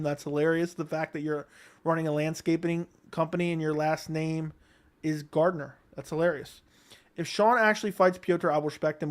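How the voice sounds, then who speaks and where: A young man from Baltimore hosting a live stream, answering chat questions in a relaxed, rambling way. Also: a little high. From Baltimore, Maryland. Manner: relaxed, rambling, thinks aloud with many ums. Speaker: livestream host reading chat.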